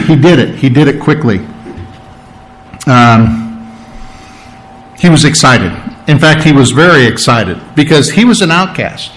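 A man delivers a sermon in a relaxed, conversational way, his voice sitting a touch high. He repeats words for emphasis and keeps pausing to clear his throat. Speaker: preacher.

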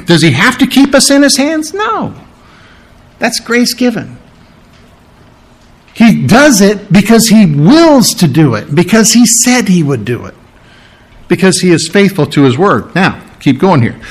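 An animated male pastor delivers his sermon in a somewhat high voice. His pitch swoops widely as he stresses each point, often repeating short phrases for emphasis.

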